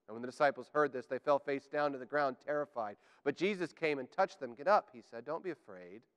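A man preaching a sermon to a congregation, animated and joking, building up to emphatic declarations. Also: mid-range voice, clear, resonant tone. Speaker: pastor. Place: church sanctuary. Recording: church hall with long reverb.

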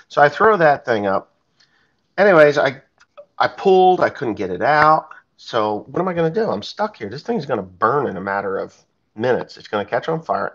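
A farmer tells a story in a casual, blunt way and swears freely. His voice sits in a middle pitch range. The recording is slightly dull and lo-fi. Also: a bit bright. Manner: blunt and profane, plain-spoken. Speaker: farmer telling a personal story.

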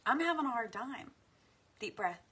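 A woman guiding a tapping meditation, speaking affirmations slowly and softly with deep sighs between them. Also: animated, husky. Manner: slow, soft and soothing, with frequent deep sighs. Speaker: guided tapping practice leader.

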